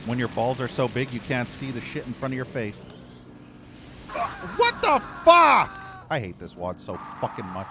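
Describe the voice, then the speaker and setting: A man's voice: medium pitch, a little fast, few pauses, background noise. A man streaming a shooter game, giving live commentary with frequent profane, frustrated rants. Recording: game music and gunfire behind.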